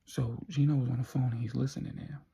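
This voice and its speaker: Gravelly, husky male storyteller. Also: mid-range voice, level tone, dark tone. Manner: slangy and conversational, with dramatic pauses. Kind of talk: casual spoken storytelling.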